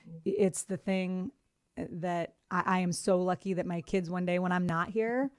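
A middle-aged woman co-hosting a casual podcast, her voice sitting a little low. She talks effusively, often restarting her sentences. The sound is dry and close. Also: fairly even intonation, unhurried, no echo. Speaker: podcast co-host.

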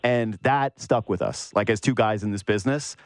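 A man's voice: lowish voice, normal speed, no room sound, clean studio sound. A man hosting a podcast, asking casual, rambling questions in an interview chat. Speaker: podcast host.

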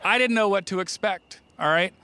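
A man's voice: high voice, moderate pace, very noisy. A middle-aged man from New Jersey doing a stand-up routine on a comedy club stage, telling self-mocking stories with playful asides to the crowd. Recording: live stage mic with audible room ambience.

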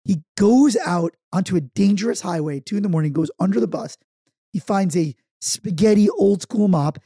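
A man, co-hosting a casual podcast and telling stories with loud acted-out quotes. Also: high-pitched, moderate pace, slightly rough, no echo, studio quality. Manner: animated storyteller, acts out quotes loudly. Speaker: podcast co-host. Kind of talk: casual chat, storytelling.

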